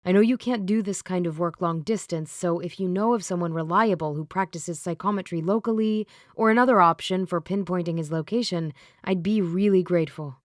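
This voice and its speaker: A woman's voice: lowish voice, brisk, few pauses, no room sound, clean studio sound, lightly acted. A woman voicing a polite, earnest young man in an audiobook.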